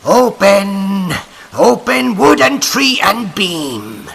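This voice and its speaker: A man voicing a band of raging witches who shout loud demands at a barred door. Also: sits high, very animated, very slow, creaky, heavily acted.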